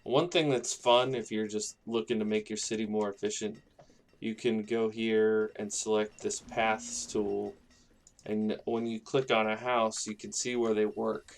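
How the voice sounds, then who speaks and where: A man's voice: on the low side, little pitch movement, a little slow. A man casually commenting on his own gameplay, rambling and thinking aloud as he builds a town. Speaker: gaming YouTuber.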